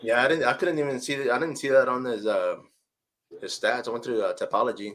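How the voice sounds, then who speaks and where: A man's voice: mid-range voice, fast talker, a bit bright. A man hosting a podcast, asking rambling questions full of "I mean" and "you know.". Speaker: podcast host. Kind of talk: casual podcast interview.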